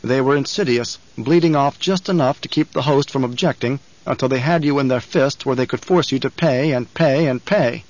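A man's voice: medium pitch, normal speed, hardly any pauses, no room sound, lo-fi sound. Male audiobook narrator, dry recording. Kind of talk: scripted narration.

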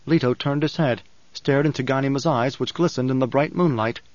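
A man narrating an audiobook in a measured, dramatic reading style. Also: medium pitch, dry recording. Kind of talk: scripted narration. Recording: dull, dry recording.

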